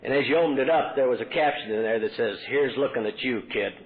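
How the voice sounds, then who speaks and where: A man's voice: mid-range voice, fast talker, crowd noise, background noise. A middle-aged man from Texas telling his recovery story as a convention speaker, earnestly acting out the dialogue he quotes. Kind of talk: personal recovery talk at a podium. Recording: tinny lo-fi 1980s convention tape.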